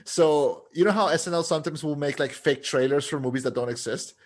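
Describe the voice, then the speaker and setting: A man co-hosting a podcast, talking eagerly about a film and often restarting his sentences. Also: on the high side. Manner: enthusiastic, halting, many restarts. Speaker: podcast co-host. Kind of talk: casual podcast chat.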